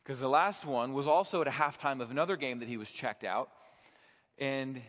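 A man's voice: mid-range voice, normal speed, fairly bright tone. A man preaching a sermon, telling a personal story and building to fervent, passionate peaks. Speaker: pastor. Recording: dull sound in a hall with long reverb.

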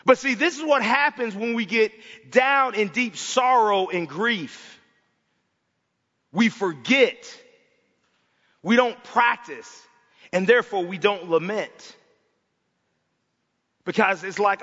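A man preaching a passionate sermon in a church, swinging between loud cries and hushed, quiet lines. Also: high voice, slow, long pauses. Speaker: pastor. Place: church sanctuary. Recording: dull sound with long hall reverb.

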